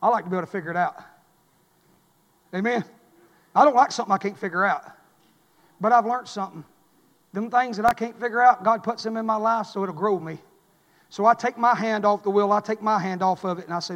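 A man preaching a sermon in church, swinging between loud impassioned calls and hushed pleading. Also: high voice, a little fast, pauses often, big-room sound. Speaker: pastor. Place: church sanctuary.

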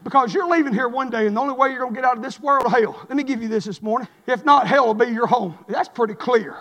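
High-pitched shouting preacher. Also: male voice, fast. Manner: impassioned shouting preaching cadence. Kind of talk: sermon. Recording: long reverb of a large hall.

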